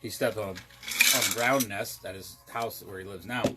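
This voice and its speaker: A man co-hosting a casual chat, telling rambling family stories with deadpan jokes. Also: lowish voice, normal speed, loud music behind the voice. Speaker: podcast co-host.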